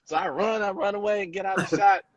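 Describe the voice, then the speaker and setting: A man, a hairstylist, telling a lively story in an interview and acting out the people in it. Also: high voice, quick pace, no echo, dull audio. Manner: animated storyteller acting out quotes. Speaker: celebrity hairstylist, guest.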